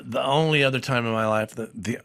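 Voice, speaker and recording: A man in his sixties, a comedian guest on a podcast, speaking haltingly and then turning lively in his anecdotes. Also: medium pitch, vocal fry, no room sound, clean studio sound. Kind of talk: casual chat.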